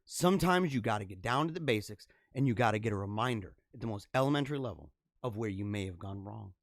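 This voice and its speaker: A man's voice: on the low side, lively intonation, quick pace, no echo. Fervent preaching man, dry close sound. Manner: fervent, preachy, swings from hushed to loud. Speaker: host of a live religious show. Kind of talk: impassioned live-stream monologue.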